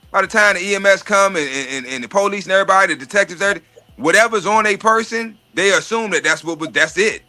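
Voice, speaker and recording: With a slightly high, pushed and bright voice, a man hosting a podcast chats informally about money and estates. He's profane and street-smart, often circling back on words as he searches for them.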